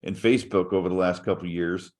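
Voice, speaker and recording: A man's voice: sits low, fairly even intonation, fast talker, darkish tone. A man interviewing a martial arts grandmaster who puts his questions hesitantly, with many fillers.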